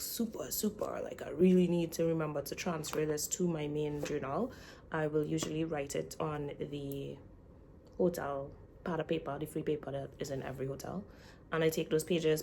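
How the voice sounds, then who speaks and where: A woman's voice: sits low, creaky, darkish tone, a little hiss or hum. A young woman vlogging in a casual, chatty way, speaking straight to her viewers. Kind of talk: casual chat.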